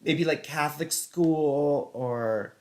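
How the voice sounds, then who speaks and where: An astrologer hosts a casual live stream of chart readings, speaking slowly in a fairly high voice. Chatty and rambling, he fills his talk with "you know" and "right," reads viewer comments aloud, and laughs at his own slips.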